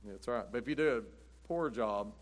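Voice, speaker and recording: A middle-aged pastor delivers a folksy, chatty sermon full of rambling stories, laughing at his own jokes. He has a mid-range voice and speaks at a normal speed.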